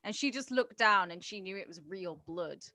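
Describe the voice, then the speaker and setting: A woman's voice: mid-range voice, moderate pace, sharp tone, dry recording. A woman podcast co-host, chatting crudely and bluntly, swearing and laughing often. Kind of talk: casual crude chat.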